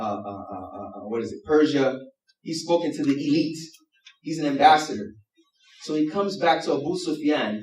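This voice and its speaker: A man preaching a sermon, telling a story with lively acted-out quotes and sudden shifts between loud and hushed. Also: medium pitch. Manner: animated storytelling, acts out quotes with sudden swings in loudness. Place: mosque hall. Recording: roomy hall, mic at a distance.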